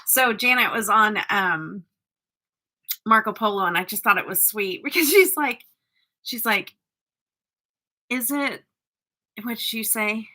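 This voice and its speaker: A woman's voice: medium pitch, animated, measured pace, bright, forceful tone. A woman chatting casually with live viewers as a makeup vlogger, teasing and laughing often.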